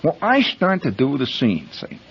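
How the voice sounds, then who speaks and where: A man's voice: mid-range voice, wildly swooping pitch, normal speed, creaky, slightly rough. A man hosting a radio show, telling a long rambling story to his listeners and calling them friends. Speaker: radio host. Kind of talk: storytelling monologue. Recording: muffled vintage radio broadcast.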